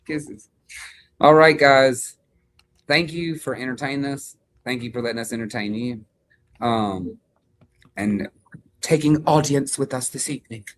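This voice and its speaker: Co-host, remote, doting and chatty, middle-range voice. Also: male voice, medium pitch, unhurried, long pauses, a little hiss or hum. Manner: gushing baby talk, upbeat sign-offs. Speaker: co-host of a sewing shop live stream. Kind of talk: casual live-stream chat. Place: away from the shop, joining remotely.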